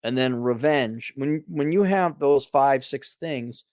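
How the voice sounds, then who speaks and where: A man's voice: mid-range voice, slow, darkish tone, dry recording, studio quality. A man hosting a casual commentary rant, blunt, profane and sarcastic, often restarting his sentences. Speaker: host.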